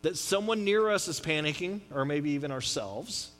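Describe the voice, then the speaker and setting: Joking, high-voiced male pastor. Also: lively intonation, moderate pace. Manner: conversational and joking, with wide swings in loudness. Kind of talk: sermon.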